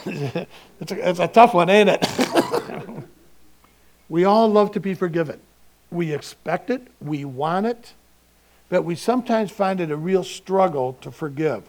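A man preaches a sermon in an easy, talking-with-you manner. His voice sits a little high for a man, and he puts rhetorical questions to his congregation. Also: animated, slow pace, pauses often. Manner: conversational, chuckling, with rhetorical questions. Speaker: pastor.

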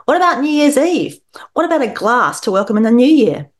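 A woman putting on a tipsy middle-aged father who blurts out jokes in a high, loud bellow. He sounds brash and carefree. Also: big pitch swings, fairly quick. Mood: tipsy jokey.

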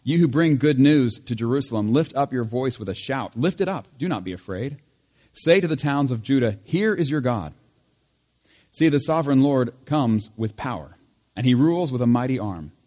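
A man serving as pastor, leading a church service with prayer and scripture reading, reading in a measured way and lifting his voice on key lines. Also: medium pitch, lively intonation, a little mellow, long reverb tail. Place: church sanctuary.

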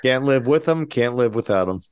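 A man's voice: medium pitch, expressive, brisk, clear, resonant tone, dry recording. A man co-hosting a podcast, joking with his friends and steering the talk with questions. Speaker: podcast co-host. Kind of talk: casual chat.

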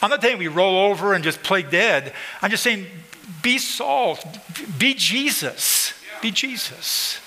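A man's voice: high voice, lively intonation, takes it slowly, sharp tone, long reverb tail, rough recording. A man preaching a sermon to his congregation, emphatic and repetitive, pointing out people in the room. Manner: emphatic preaching, repeats phrases, addresses congregation directly. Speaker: pastor. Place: church sanctuary.

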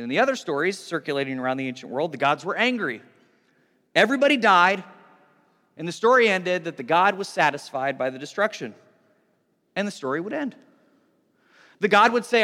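A pastor preaching with an animated storytelling manner, swinging from loud bursts down to hushed near-whispers. His voice sits high for a man and sounds bright. A long reverb trails behind him, as in a large hall. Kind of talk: sermon.

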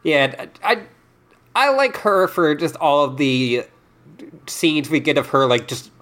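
A man's voice: on the high side, a little slow, fairly bright tone. A man co-hosting a casual podcast chat, rambling with lots of filler words and quoting characters. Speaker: podcast co-host.

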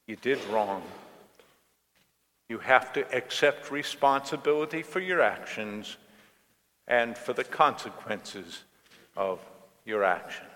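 A male pastor preaching a sermon in a church, telling stories in a slow, storytelling way. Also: medium pitch, lively intonation, fairly bright tone. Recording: long reverb of a church hall.

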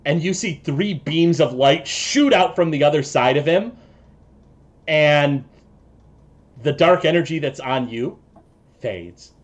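A man's voice: fairly high pitch, animated. A man running a tabletop game as game master, narrating the action with frequent fillers and restarts. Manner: halting, many fillers and restarts.

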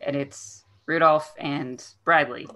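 A woman co-hosting a podcast, casually summarizing a book's plot with quick self-deprecating asides. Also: low-pitched, fairly even intonation, pushed and bright. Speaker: podcast co-host recapping a book. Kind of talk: casual chat.

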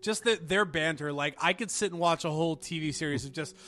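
A man's voice: on the high side, a little fast, fairly bright tone. A man co-hosting a casual movie podcast, rambling eagerly through his favorite films. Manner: rambling, restarts, enthusiastic about movies. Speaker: podcast co-host. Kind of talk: casual chat.

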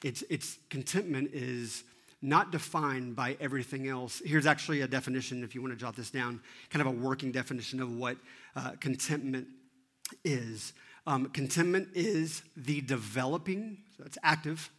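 A man in his thirties giving an animated, self-deprecating sermon and often asking the audience questions. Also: medium pitch, normal speed. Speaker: teaching pastor.

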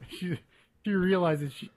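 A man's voice: high-pitched, slow, darkish tone. A married man co-hosting a podcast, chatting and asking curious questions about a TV episode. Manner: chatty, curious, often laughs. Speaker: podcast co-host. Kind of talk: casual chat recapping a TV episode.

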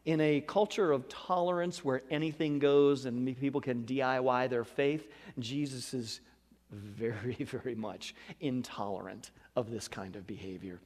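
A male pastor preaching a sermon in an animated way, swinging between loud emphasis and hushed asides. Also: medium pitch, moderate pace, in a large hall.

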